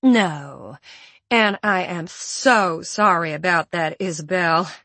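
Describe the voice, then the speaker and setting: Brief: woman doing a worried, earnest woman researcher, slow breathy storybook read. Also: fairly low pitch, sharp tone, no echo, exaggerated voice. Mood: apologetic. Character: anxious woman scientist, apologetic.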